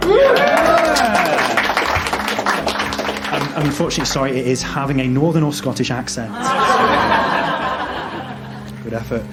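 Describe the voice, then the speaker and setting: Playful quiz host. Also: male voice, a little high, takes it slowly, long pauses, a loud crowd, very noisy. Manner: playful, deadpan, laughing as he reads. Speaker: comedy podcast host running a quiz. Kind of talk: live comedy quiz hosting. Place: live comedy venue. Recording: echoey venue with loud music.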